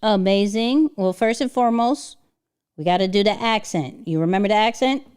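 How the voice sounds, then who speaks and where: A woman's voice: mid-range voice, normal speed, darkish tone, smooth. A woman hosting a livestream, talking in a chatty, slangy way. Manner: slangy, chatty, with fillers and restarts. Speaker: livestream host. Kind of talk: casual livestream talk.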